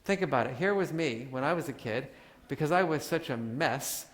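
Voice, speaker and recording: A man giving a live talk to an audience, animated and joking as he acts out examples. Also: medium pitch, moderate pace, noisy background. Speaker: workshop speaker. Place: large hall with audience. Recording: hall reverb.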